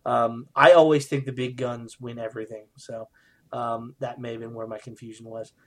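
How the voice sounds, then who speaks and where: A man co-hosting a podcast in casual chat, animated and jokey, with bursts of excitement. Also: medium pitch, normal speed. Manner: animated, jokey, trails off with fillers. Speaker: podcast co-host.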